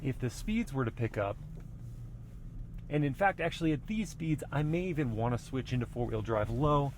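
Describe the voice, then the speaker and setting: A man reviewing a pickup truck, casually explaining what he does as he drives it slowly along an off-road trail. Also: medium pitch. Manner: relaxed, explanatory, thinking aloud. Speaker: car reviewer. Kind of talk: casual driving commentary. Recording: vehicle noise clearly heard. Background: engine and trail noise.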